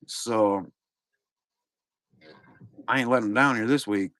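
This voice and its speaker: A man's voice: medium pitch, slow pace, fairly bright tone. A middle-aged man, casually rambling to chat viewers while opening card boxes on a live stream. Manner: rambling, laid-back, talks to chat viewers.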